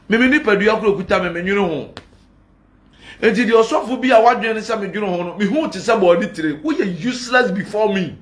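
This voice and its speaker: A man's voice: high-pitched, echoey room. A man with a Ghanaian accent, a pastor giving a heated, defiant rant and switching between Twi and Pidgin English.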